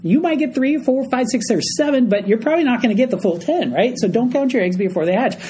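A man's voice: very high voice, expressive, fast talker, warm tone, slight background noise, rough recording. A man teaching a group Bible study, explaining a passage verse by verse and often checking in with his listeners.

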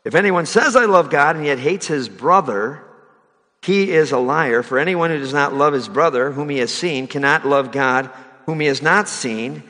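A man preaching a sermon as a pastor, rising to loud, emphatic high passages and dropping soft for key lines. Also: animated, moderate pace, in a large hall.

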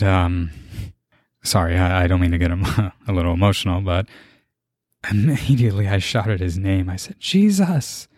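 An earnest young man shares his personal faith testimony as a podcast host. His voice sits low and moves haltingly, often carrying emotion. The recording is dry and close, with no room sound. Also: darkish tone, dry recording.

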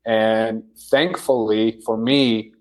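A man from Poland, a company founder, answering interview questions in a relaxed, measured way with many fillers. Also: lowish voice. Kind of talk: casual interview.

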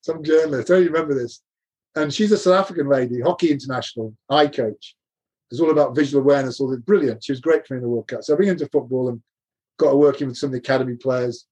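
A man's voice: mid-range voice, racing, a little mellow, breathy edge. An older man, a former rugby coach, telling anecdotes in a casual interview, laughing often and restarting his sentences.

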